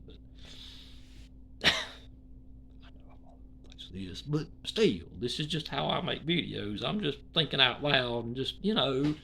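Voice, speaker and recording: Rambling vlogger, lively pitch. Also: slightly rough. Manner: rambling, indignant, swings between loud and hushed. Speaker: YouTuber commentator. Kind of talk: rambling opinion commentary.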